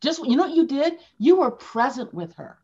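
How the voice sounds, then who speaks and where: A woman's voice: high voice, very animated, normal speed, warm tone. A woman speaking as a sales leader guest in a conversational interview, emphatic and repeating her key phrases. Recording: dull lo-fi sound.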